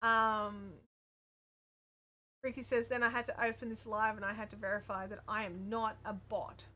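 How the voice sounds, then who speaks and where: A woman's voice: medium pitch, flat delivery, normal speed, bright, forceful tone. A woman with an Australian accent, hosting a casual crafting livestream and chatting with viewers in a rambling way with lots of fillers. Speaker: crochet livestream host. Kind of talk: casual chat reading viewer comments.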